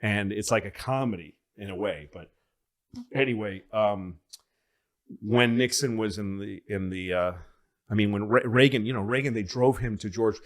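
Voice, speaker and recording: Speaking in a fairly low voice at a moderate pace, the podcast co-host tells stories in a loose chat, swearing freely. He brings them to life animatedly, acting out the voices of the people in them.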